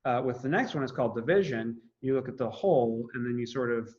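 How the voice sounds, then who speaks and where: A man's voice: medium pitch, fast, a little mellow, muffled recording. A man teaching a classroom lecture, talking casually, thinking aloud with fillers and restarts.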